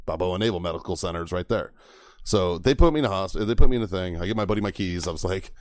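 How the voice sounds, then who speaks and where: A man's voice: low-pitched, lively intonation, fast, no room sound, clean studio sound. Laughing, profane man telling a wild story. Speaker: podcast host. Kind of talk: casual storytelling with friends.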